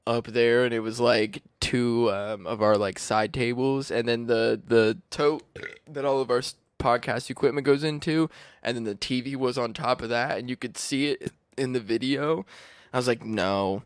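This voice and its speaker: A man's voice: medium pitch, steady tone, normal speed, smooth, dry recording. A man hosting a casual podcast from a basement, cursing freely and laughing as he tells stories. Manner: profane, laughing storyteller. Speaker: podcast host. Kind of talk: casual chat. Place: home basement studio.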